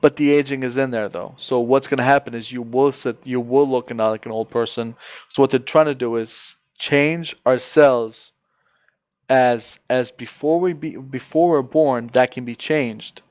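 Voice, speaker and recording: A man's voice: mid-range voice, a little slow, darkish tone. A man on voice chat, ranting and arguing with heavy profanity. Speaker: voice chat participant. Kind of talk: heated casual argument.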